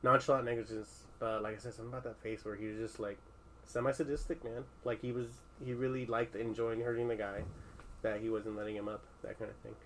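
A man's voice: fairly low pitch, flat delivery, fast, fairly bright tone, a little hiss or hum, rough recording. A man in a casual conversation, thinking aloud with many restarts, fillers and some swearing. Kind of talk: casual discussion.

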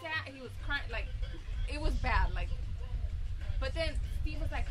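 A woman's voice: high-pitched, normal speed. A woman, a mother, defending herself in a casual chat and saying "like" often. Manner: defensive, says "like" a lot. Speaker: podcast co-host, mother.

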